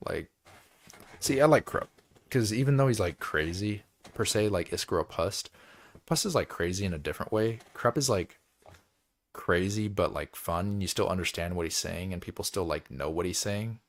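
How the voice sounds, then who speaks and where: Low-voiced man, rambling casual recap. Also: lively intonation, normal speed. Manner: rambling, filler-heavy, laughs often. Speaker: book club host.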